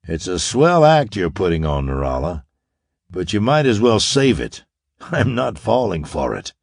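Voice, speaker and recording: A man's voice: low-pitched, very animated, unhurried, no room sound, studio quality, full character voice. A man voicing a confident young space hero in an audiobook, wry, clipped and commanding. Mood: cool.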